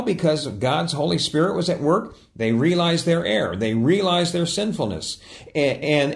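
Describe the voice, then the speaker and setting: Man preaching with lively pitch. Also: creaky. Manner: storytelling with lively pitch swings and small restarts. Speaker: pastor. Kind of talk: sermon.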